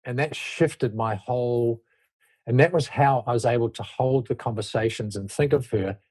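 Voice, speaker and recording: Husky guy in an interview, mid pitch, talks through leadership ideas in a loose rambling way, lots of restarts. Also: moderate pace, darkish tone. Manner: reflective, loose, self-interrupting explanations. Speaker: leadership expert guest. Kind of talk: conversational interview talk.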